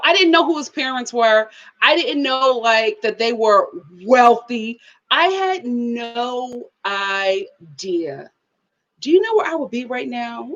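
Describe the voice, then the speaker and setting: A woman hosts a live review stream, her fairly high voice swinging widely in pitch. She chats casually, laughs a lot and reads viewer comments aloud. The stream audio sounds dull and lo-fi. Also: fairly bright tone. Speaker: live show host.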